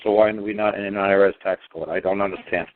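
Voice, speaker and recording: A man's voice: on the low side, fairly even intonation, fast talker, very noisy. A man speaking as a guest on a call-in talk show, ranting emphatically and repeating himself. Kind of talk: casual phone-in talk. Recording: tinny phone line.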